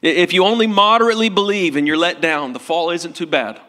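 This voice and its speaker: A man's voice: high voice, steady tone, fast talker, bright, forceful tone, big-room sound. A male pastor preaching a sermon in an earnest, tender way, in a church sanctuary.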